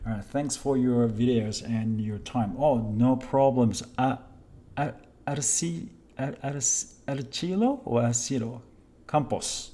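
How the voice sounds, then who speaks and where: Slow, mellow-voiced man. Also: medium pitch. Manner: hesitant, halting, many restarts while reading names; polite, thanks viewers often. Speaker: kendo instructor hosting a live stream. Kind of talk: casual live-stream chat reading viewer comments.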